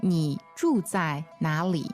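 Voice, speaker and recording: A woman teaching a language lesson, repeating phrases slowly and patiently. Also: sits low, animated, faint music behind.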